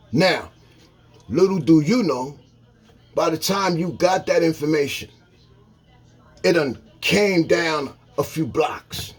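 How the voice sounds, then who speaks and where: Man, vlog rant, very husky voice, blunt and emphatic, swears a lot. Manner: blunt, emphatic, swings from loud to low. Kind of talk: profane street-talk rant to camera.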